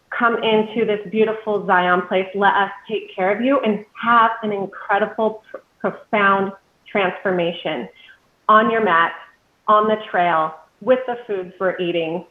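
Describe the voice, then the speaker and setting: A woman's voice: mid-range voice, steady tone, a little slow, roomy sound, phone-quality sound. A woman yoga teacher joining a casual chat, speaking in an upbeat way.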